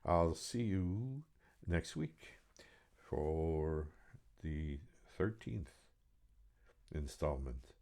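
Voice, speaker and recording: Low-voiced man reading his novel aloud. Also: lively intonation, drawn-out words, long pauses, a little mellow. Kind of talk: serialized book reading.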